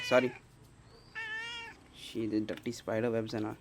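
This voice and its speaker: A young man vlogging casually to his viewers while coaxing his pet cat, often calling out loudly. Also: on the low side, steady tone, normal speed, pauses often, slight background noise. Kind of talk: casual vlog talk to camera.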